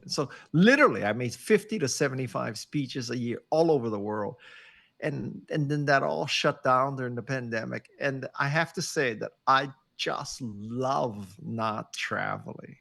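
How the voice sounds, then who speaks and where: A man over sixty, a podcast guest on a video call, chatting casually as an animated, joking storyteller. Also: medium pitch, vocal fry. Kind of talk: casual interview chat. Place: home office on a video call.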